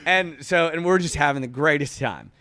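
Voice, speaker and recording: Animated storytelling man, dry sound. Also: a little high, moderate pace, dry recording. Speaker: podcast guest. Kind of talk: casual storytelling.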